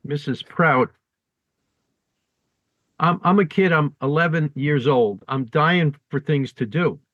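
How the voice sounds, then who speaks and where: A man's voice: on the high side, slow, a bit bright, dry recording. Man on a dull lo-fi podcast mic. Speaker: podcast co-host. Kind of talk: casual storytelling chat.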